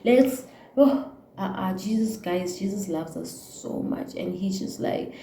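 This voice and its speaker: A woman's voice: medium pitch, unhurried, dark tone, a little hiss or hum. Heartfelt South African woman in an echoey room. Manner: heartfelt, preachy, mixes in Zulu words. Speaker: YouTuber. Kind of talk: emotional casual rant to camera.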